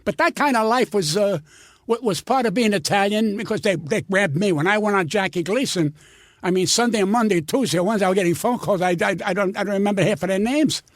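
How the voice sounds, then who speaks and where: A man's voice: high-pitched, fast, dry recording, clean studio sound. An older man, a comedian guest, telling long profane anecdotes and acting out every quoted voice. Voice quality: gravelly, husky. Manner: profane, animated storyteller who acts out every quote. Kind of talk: storytelling anecdotes.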